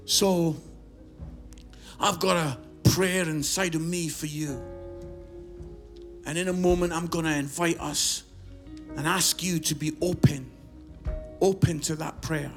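A Scottish man preaching a fervent sermon in a church, rising to shouts and telling stories full of quoted dialogue. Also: a little high, steady tone, takes it slowly, long pauses, faint music behind. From Scotland. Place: church service.

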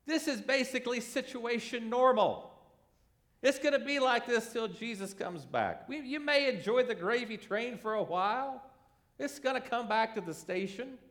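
Male pastor mid-sermon, high, lively delivery, acts out the quotes. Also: a little slow. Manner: animated, acts out quoted voices.

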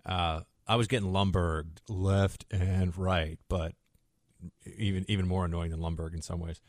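A man's voice: low voice, steady tone, normal speed, dry recording, studio quality. A man hosting a talk radio show, rambling through sarcastic asides in a casual monologue.

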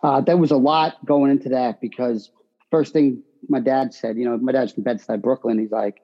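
A man, a boxer giving brash, animated answers in an interview. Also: medium pitch, moderate pace, highs cut off.

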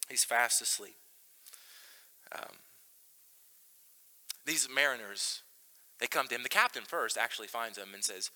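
A male pastor preaching a sermon, emphatic, swinging between loud passages and hushed ones. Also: medium pitch, unhurried, pauses often. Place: church. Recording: long reverb of a church hall.

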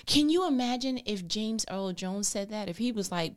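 A woman talking casually to camera in an animated, colloquial way, sometimes dropping into hushed asides. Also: medium pitch, normal speed, hardly any pauses. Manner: colloquial and conversational. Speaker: vlogger.

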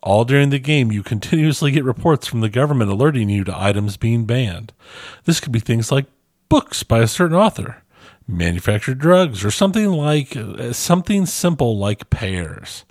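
A man's voice: medium pitch, animated, normal speed, darkish tone, dry recording. A man co-hosting a casual podcast, chatting and reading a listener's review aloud with dry, self-deprecating asides. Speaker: podcast co-host.

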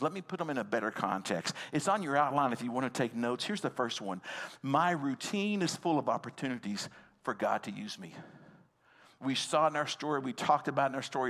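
A man's voice: medium pitch, a bit bright. A male pastor delivering a sermon, speaking conversationally and turning to the congregation with direct questions. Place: church hall with a live congregation. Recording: long hall reverb.

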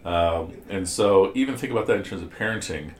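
In an echoey room, a man with a low, darkish voice speaks fairly quickly as he gives classroom commentary on scripture. He walks through ideas step by step, poses questions to his students, and frequently restarts his sentences.

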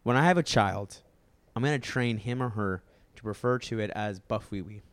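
A man's voice: on the low side, normal speed, no room sound. Man, comedy podcast co-host, playful, goofy, jokey banter. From Pacific Beach, California. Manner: goofy, playful, repeats silly made-up phrases.

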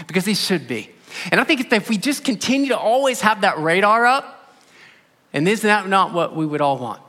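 Bright-voiced preacher in an echoey hall. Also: male voice, high voice, expressive, a little fast. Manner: conversational storytelling preaching, rising with emphasis. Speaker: pastor. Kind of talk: sermon.

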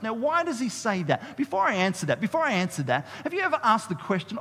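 Husky high-voiced guy preaching, chatty and animated, big hall reverb. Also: fast, few pauses. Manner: animated, conversational preaching with audience call-and-response. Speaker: pastor. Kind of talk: sermon. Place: church hall. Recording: long reverb of a church hall.

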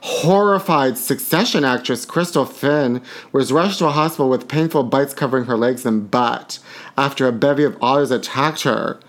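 A man's voice: medium pitch, moderate pace. A man hosting a podcast, reading celebrity gossip aloud with sassy asides. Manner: reads tabloid items aloud with sassy asides and giggles. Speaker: podcast host. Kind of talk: campy gossip commentary.

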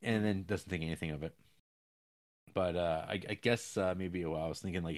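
Talking fairly quickly with fairly even intonation, a man casually goes over a movie's story, full of fillers and false starts. When he voices the characters' lines, his pitch leaps higher.

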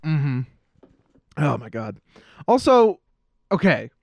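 Crude, joking male podcast co-host, slightly high voice, dry close mic. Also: very animated, slow, gravelly, no room sound. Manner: joking, crude, mocks characters in silly voices. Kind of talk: casual movie-review chat.

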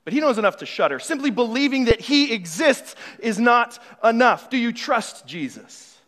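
A male pastor preaching, moving between hushed, searching questions to the congregation and loud, emphatic passages. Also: very high-pitched, lively intonation, moderate pace. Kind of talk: sermon. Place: church hall. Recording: long reverb of a large hall.

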